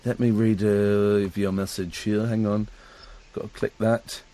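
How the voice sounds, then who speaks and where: A man hosting a late-night radio phone-in from a studio, excitable and jokey, laughing often. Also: on the low side, measured pace, a crowd in the background. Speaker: radio host. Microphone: studio microphone.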